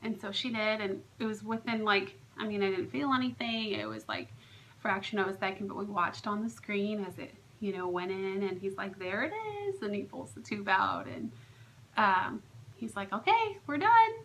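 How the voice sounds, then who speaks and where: Bright-voiced chatty young woman vlogging. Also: medium pitch, moderate pace, a little hiss or hum, rough recording. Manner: chatty storytelling with many fillers, lively quoted dialogue. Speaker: vlogger, surrogate. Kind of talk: casual vlog recap.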